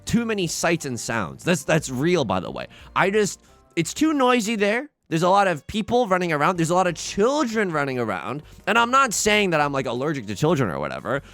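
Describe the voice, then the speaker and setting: A man hosting a let's play, chatting casually and rambling with many restarts, getting excitable over the game. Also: fairly high pitch, fairly quick, soft background music. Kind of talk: casual gaming commentary.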